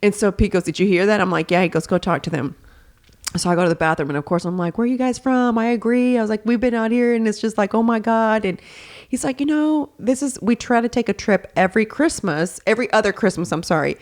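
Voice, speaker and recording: A woman's voice: medium pitch, quick pace. A woman in her thirties from Texas hosting a casual podcast chat, telling stories with lots of swearing and acted-out quotes. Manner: animated storytelling, swearing freely, acting out voices in quotes. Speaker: podcast host.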